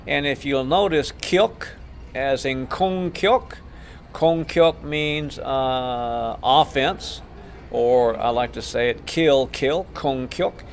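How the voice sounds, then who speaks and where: A man teaching taekwondo terms, patiently repeating each word slowly with many filler sounds. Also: medium pitch, slight background noise. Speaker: taekwondo instructor. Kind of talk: pronunciation lesson.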